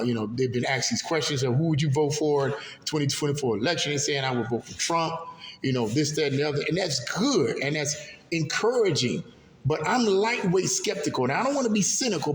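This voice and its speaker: A man with a fairly high voice gives heated political commentary, rambling and circling back over his points. He records in a hallway, so his voice rings with a long echo. A faint rumble runs underneath. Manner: impassioned, rambling, repeats himself. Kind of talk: casual political commentary vlog.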